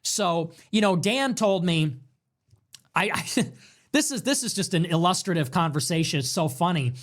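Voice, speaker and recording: A man's voice: high voice, moderate pace, fairly bright tone. A man hosting a political livestream in a casual, mocking rant, mimicking his critics. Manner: mocking, quotes critics in exaggerated voices. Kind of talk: casual ranting commentary.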